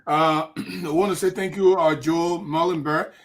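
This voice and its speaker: A man's voice: a little high, fairly even intonation, unhurried. A man hosting a talk program, politely thanking speakers and moving the show along. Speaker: host.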